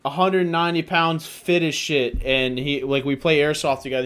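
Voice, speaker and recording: A man with a fairly high voice chats casually and swears freely. He tells his stories with animated, acted-out quotes. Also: moderate pace, clear, resonant tone. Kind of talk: casual chat.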